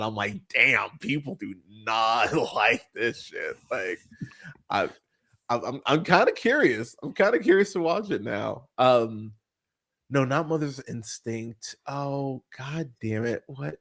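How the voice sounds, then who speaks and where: A man's voice: medium pitch, expressive. A man hosting a podcast, talking in a casual chat that rambles and swears freely, with lots of fillers and restarts. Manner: rambling, profane, halting with many fillers. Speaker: podcast host.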